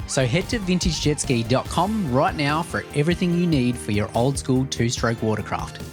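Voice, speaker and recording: A male podcast host reading an ad and chatting casually, relaxed and quick to laugh. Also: medium pitch, music in the background. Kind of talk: ad read and casual chat.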